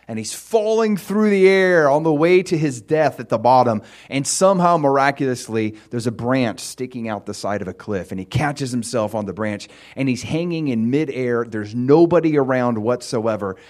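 A male pastor preaching in a casual, storytelling manner. His pitch moves widely as he speaks. He talks to the congregation in a relaxed, conversational way. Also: moderate pace. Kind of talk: sermon.

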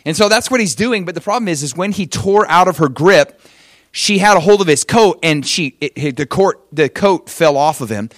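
Animated, higher-voiced male preacher. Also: normal speed, dry recording, clean studio sound. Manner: animated storytelling with acted quotes. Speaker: pastor. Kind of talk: sermon.

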